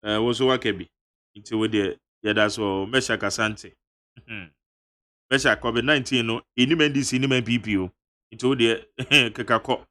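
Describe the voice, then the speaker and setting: A Ghanaian radio host reading listener messages aloud, with an emphatic, animated delivery that mixes reading with local-language asides. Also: male voice, medium pitch, normal speed. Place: radio studio.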